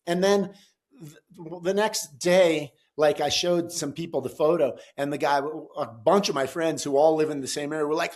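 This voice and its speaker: A middle-aged man telling a story in a casual, animated way, swearing and acting out the quotes loudly. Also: fairly high pitch, moderate pace. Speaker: podcast guest, gym founder.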